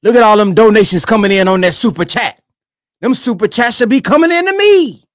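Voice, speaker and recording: A young man giving emphatic, animated commentary on a sermon clip he is reacting to. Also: sits high, brisk, no echo, studio quality. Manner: animated and emphatic, keeps urging "come on, man". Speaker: online commentator.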